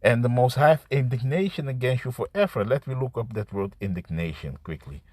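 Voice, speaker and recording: A man preaching an improvised scripture sermon to camera. He talks in a halting, repetitive way, restarting words and tagging lines with "man" and "you see.". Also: medium pitch, lively intonation, darkish tone, no echo. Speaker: street-style preacher.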